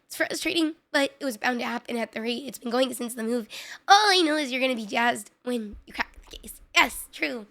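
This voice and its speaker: With a somewhat high, bright voice and a forceful tone, a woman streamer talks a little fast to her viewers in casual chat. She rambles, fills gaps with filler words, and runs herself down, clearly frustrated.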